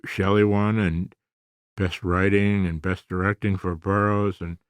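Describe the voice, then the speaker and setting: A man's voice: deep voice, a little slow, smooth, no echo. A man in his seventies, a comedy actor, chatting as a podcast guest in an easygoing, meandering way. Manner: relaxed, rambling, many fillers. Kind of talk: conversational interview.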